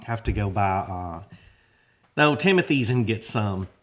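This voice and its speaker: A man's voice: on the low side, expressive, measured pace, a bit bright. A man from Shreveport with a northwest Louisiana Southern accent, hosting a casual, rambling monologue from his garage in a folksy, drawling way. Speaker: garage channel host. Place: home garage.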